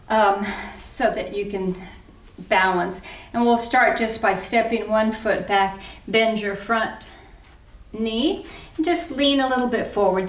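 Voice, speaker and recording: A woman leading an exercise class for older adults, counting reps and cheering people on, a little out of breath. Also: a little high. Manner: encouraging, counts reps aloud, cheers on the last reps. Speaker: fitness instructor. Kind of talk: guided exercise class instruction. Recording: echoey room, mic at a distance.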